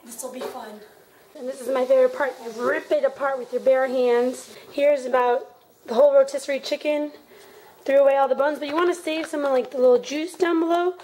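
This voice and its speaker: A woman's voice: high voice, a little fast, darkish tone, poor audio. A woman hosting a home cooking video, chatting playfully with jokey asides while she chops and stirs in her kitchen. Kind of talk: casual cooking demo.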